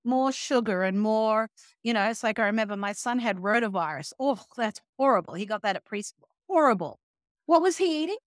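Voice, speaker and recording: A woman's voice: medium pitch, fairly quick, no room sound, studio quality. A middle-aged woman, a health and wellness coach, talking in a casual interview and acting out sarcastic quotes. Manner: animated, acts out quoted voices, sarcastic asides.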